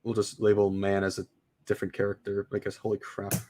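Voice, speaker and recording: A man streaming a casual script read-through, excitable and exclaiming at his own slips. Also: fairly low pitch, quick pace. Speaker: streamer reading a film script aloud.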